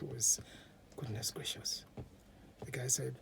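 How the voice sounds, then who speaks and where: A man's voice: medium pitch, fairly even intonation, measured pace, creaky, pauses often. A man, a podcast host telling history as a casual story, chatty and dropping to whispers at times.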